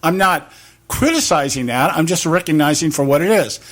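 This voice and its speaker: A man's voice: on the high side, lively intonation, a bit bright. Rambling opinionated male talk host. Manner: rambling, rhetorical questions, acts out quick back-and-forth exchanges. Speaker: political talk show host.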